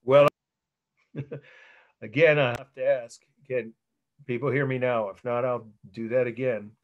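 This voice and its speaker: A man teaching a college art history class over a video call, talking in a relaxed, halting way with frequent restarts and asides. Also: medium pitch, muffled recording. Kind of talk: online lecture. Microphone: computer mic on a video call. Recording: video call audio with dropouts.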